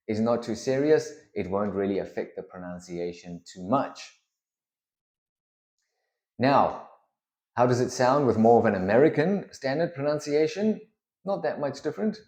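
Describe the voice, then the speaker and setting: Slow, mellow-voiced male pronunciation teacher. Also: mid-range voice, animated. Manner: deliberate, patient, clearly enunciated. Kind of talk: slow instructional explanation. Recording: echoey room.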